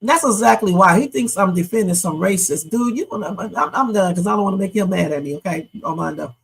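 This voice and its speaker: A middle-aged woman hosts a casual reaction livestream, responding to her chat directly in a blunt, emphatic way. Her slightly husky voice is mid-range and fairly quick, and the recording is rough.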